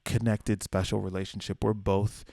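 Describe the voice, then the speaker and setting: A young man from the American South hosting a casual solo podcast, telling stories with swearing and playful high-pitched asides. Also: normal speed, vocal fry, dry recording. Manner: animated storyteller, swears freely, acts out quotes in high voices. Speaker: podcast host.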